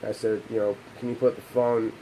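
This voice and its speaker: A young man with a mellow, darkish voice tells a painful memory from his own life. He talks haltingly and restarts often, and his voice sinks low as he fights back tears. A faint hiss of noise sits under the recording. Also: flat delivery, poor audio. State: emotional, holding back tears. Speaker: gaming channel host. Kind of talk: emotional personal storytelling.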